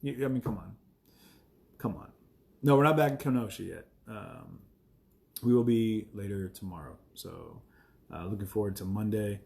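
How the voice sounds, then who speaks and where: A man's voice: lowish voice, moderate pace, creaky, long pauses, a little mellow. A man chatting casually to viewers on a live stream, rambling with many fillers and chuckling asides.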